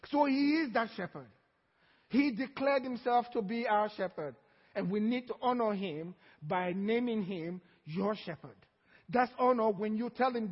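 A man's voice: very high voice, breathy edge, in a large hall, lo-fi sound. A man preaching a sermon as pastor, drawing out key phrases and calling on the congregation to answer. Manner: preaching with call-and-response, drawn-out emphatic phrases. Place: church hall.

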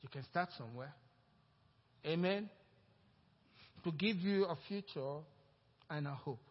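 A pastor preaching a sermon, rising into loud emphatic passages and calling out to the congregation for responses. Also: male voice, on the high side, unhurried, husky. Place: church. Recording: reverberant church hall, dull lo-fi sound.

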